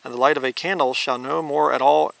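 Gravelly male preacher reading scripture. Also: medium pitch, fairly even intonation, fairly bright tone, no room sound. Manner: reads scripture slowly, then blunt conversational asides. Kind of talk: informal Bible teaching.

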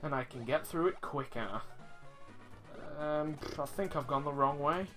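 A let's play host casually comments while playing a video game, chatty and self-mocking, and reads the game text aloud. He has a fairly high, fairly bright voice and an unhurried pace, with faint game music behind him.

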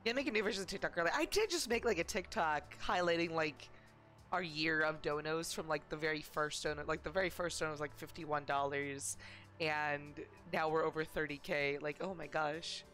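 A woman's voice: low voice, moderate pace, fairly bright tone, faint music behind. A woman streaming a game for charity, chatting casually in a bubbly way and saying "like" often. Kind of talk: casual live-stream chat over gameplay.

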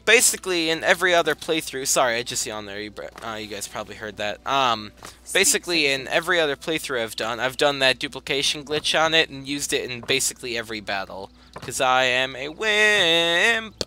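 A man's voice: mid-range voice, lively intonation, fast, sharp tone. A young man casually commentating his gameplay, rambling, easily sidetracked and apologizing often. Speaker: gaming video host. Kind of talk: casual let's-play commentary.

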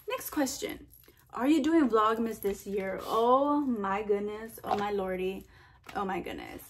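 A young woman answering viewer questions in a casual vlog, chatty and animated, full of fillers and quoted asides. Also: medium pitch, a little slow, a little hiss or hum. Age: young adult. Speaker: vlogger.

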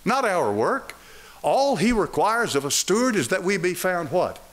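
An older pastor delivers a lively, animated sermon in the church sanctuary, throwing rhetorical questions at the congregation. He has a high-pitched male voice and speaks at normal speed.

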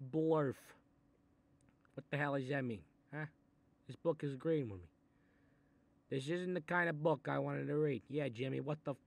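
A man voicing a short-tempered Italian-American mob boss who grumbles, swears and threatens, in a comedic animated role. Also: on the high side. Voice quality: gravelly, threatening. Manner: grumbling asides, sudden angry outbursts, swearing. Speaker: mob boss reading a children's book.

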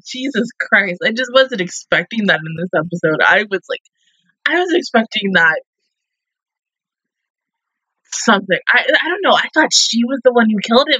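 A woman hosting an anime reaction video, gushing excitedly and swearing freely in casual commentary. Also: a little high, no room sound, lo-fi sound.

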